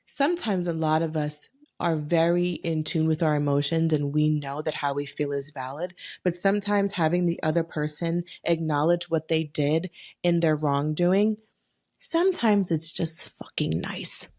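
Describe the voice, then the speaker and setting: A woman's voice: low voice, moderate pace, darkish tone. A woman hosting a solo podcast, talking bluntly with lots of swearing and emphatic rhetorical questions. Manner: talks herself through feelings aloud. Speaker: podcast host.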